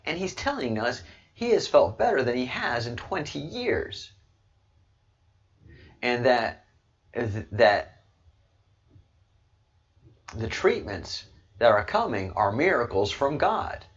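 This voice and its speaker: A man's voice: mid-range voice, very animated, slow, pauses often, slightly rough, muffled recording. A man hosting a casual commentary livestream, rambling through his points with repetitive, joking asides, talking into a desk microphone. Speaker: livestream host.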